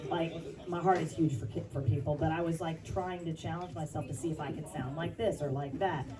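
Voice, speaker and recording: A voice actress talking on a convention panel in an animated, expressive way. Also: female voice, sits low, brisk. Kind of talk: panel talk. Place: convention hall. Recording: from far off, over crowd noise.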